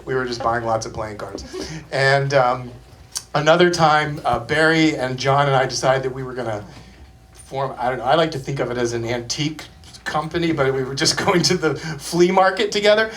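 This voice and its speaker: A man's voice: medium pitch, normal speed, a bit bright, a little hiss or hum. A man telling rambling anecdotes from a small club stage, hesitant and full of ums and restarts. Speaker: performer telling stories on stage.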